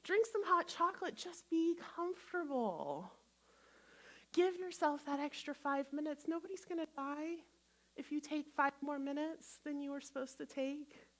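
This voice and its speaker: Woman minister, high voice, lively sermon, plays out inner voices. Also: normal speed. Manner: warm, animated, acts out inner voices. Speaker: guest minister. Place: church sanctuary.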